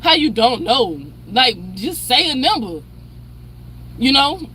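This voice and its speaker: A woman's voice: sits high, sing-song, slow, bright, forceful tone, slight background noise. A woman, hosting a channel and ranting in a heated, profane, confrontational way, calling people out by name. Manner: profane, confrontational, repeats a name to call someone out. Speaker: commentary channel host. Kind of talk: heated personal rant.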